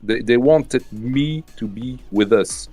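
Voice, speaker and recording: A man's voice: mid-range voice, takes it slowly, mellow, soft background music. A man with a French accent, chatting casually as a guest, often restarting and searching for English words. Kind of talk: casual chat.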